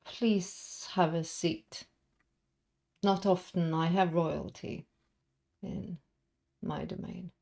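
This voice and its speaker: Figure: cold, formal male crime boss, voiced by a woman. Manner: slow, measured. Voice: low, gravelly. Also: steady tone, darkish tone, heavily acted.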